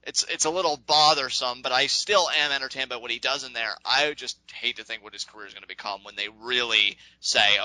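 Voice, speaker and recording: A man co-hosting a casual wrestling recap podcast, talking in an animated, rambling way and laughing often. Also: mid-range voice, brisk, hardly any pauses, no room sound, poor audio. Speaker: podcast co-host.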